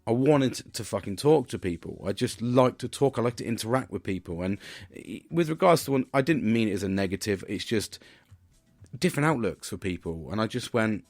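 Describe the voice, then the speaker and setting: A man's voice: lowish voice, expressive, a little fast, darkish tone, no room sound, soft background music. A British man hosting a podcast alone, chatting casually in a rambling, sweary way with lots of restarts. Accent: British English. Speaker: podcast host. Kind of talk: casual solo monologue.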